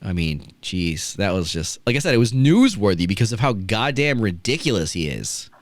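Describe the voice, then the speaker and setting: A man's voice: on the low side, sing-song, normal speed, no echo. A man hosting a casual wrestling podcast, ranting and swearing with mocking asides. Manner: profane, ranting, does mocking impressions. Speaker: podcast host.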